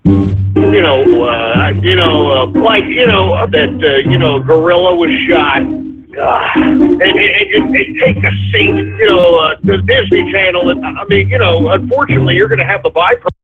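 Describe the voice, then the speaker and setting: A man hosting a call-in radio show, ranting angrily and shouting. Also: high voice, animated, normal speed, loud music behind the voice. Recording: tinny phone-like audio.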